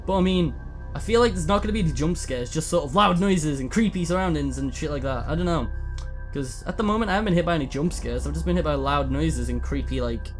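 Gamer man, high voice, jumpy horror commentary, curses and repeats himself. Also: lively intonation, fast talker, soft background music. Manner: nervous, swearing, repeats words in panic. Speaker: let's play gamer.

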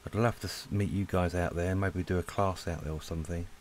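A man rambling casually to viewers as he draws, relaxed and a little breathless. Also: sits low, quick pace, a little hiss or hum. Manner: relaxed, rambling, talks to viewers while drawing. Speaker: art channel host. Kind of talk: casual chat while drawing. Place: lives in Spain.

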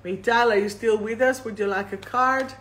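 A woman hosting a live-streamed oracle card reading, reading each affirmation slowly and then repeating it. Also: fairly high pitch, fairly even intonation, a bit bright. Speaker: host and card reader.

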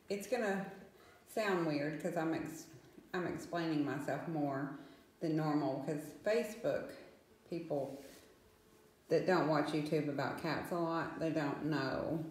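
A woman's voice: sits low, fairly even intonation, takes it slowly, long pauses, darkish tone, heavy reverb, low-quality recording. A woman rescuing cats, chatting casually and rambling at home, now and then cooing baby talk to the animals. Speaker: cat rescuer vlogging. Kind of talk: casual chat. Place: room in a house.

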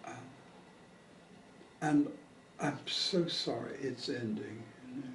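An older man being interviewed, telling old memories in a halting way with many pauses and fillers. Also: medium pitch, recorded from a distance, slight background noise. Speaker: interview guest. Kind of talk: reminiscing conversation. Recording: echoey room, voice off-mic.

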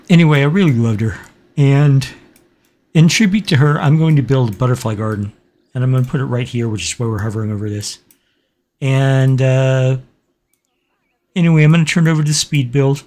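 Man host, middle pitch, unhurried, halting and reflective delivery, many pauses. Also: a little mellow. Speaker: gaming channel host. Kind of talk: casual let's-play commentary with a personal story.

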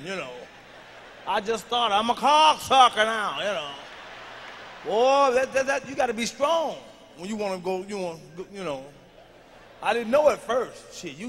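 High, bright-voiced profane stand-up man. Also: moderate pace, some chatter behind. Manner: loud, profane, animated storytelling with shouted bits. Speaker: stand-up comedian. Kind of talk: live stand-up comedy. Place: comedy stage before a live audience. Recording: live show recording with reverb and noise.

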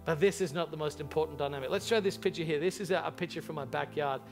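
A man preaching a sermon as pastor to a large church congregation, impassioned and animated in his storytelling. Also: on the high side, fast talker, faint music behind.

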